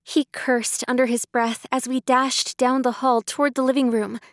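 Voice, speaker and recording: A woman narrating a first-person audiobook in a measured way, close to the mic. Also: sits high, little pitch movement, dry recording.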